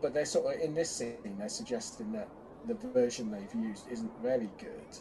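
A man's voice: medium pitch, moderate pace, music in the background. A man co-hosting a casual fan chat, talking in bursts with lots of restarts. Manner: chatty, hesitant restarts, animated bursts. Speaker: podcast co-host.

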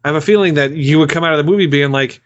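Guy reviewing movies, stammers and repeats himself, kinda high voice, muffled sound. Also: very fast. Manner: rambling, stammers and repeats words, earnest. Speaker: podcast co-host. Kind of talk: casual movie review chat.

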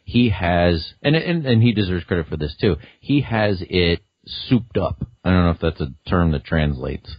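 A man guesting on a casual podcast, enthusiastic and rambling, quick to laugh. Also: deep voice, lively intonation, no echo, highs cut off.

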